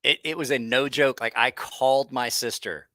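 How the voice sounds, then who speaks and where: Bright-voiced man telling profane stories. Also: mid-range voice, steady tone, moderate pace, no echo. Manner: rambling, profane, frequent restarts. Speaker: host. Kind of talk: casual livestream storytelling.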